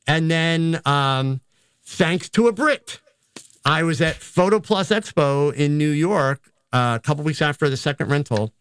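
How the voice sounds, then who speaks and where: A man's voice: fairly high pitch, animated, measured pace, a bit bright, clear, resonant tone, dry recording. An older man, a photographer and teacher, telling stories in a casual, rambling, self-deprecating way in an interview. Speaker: photographer and educator.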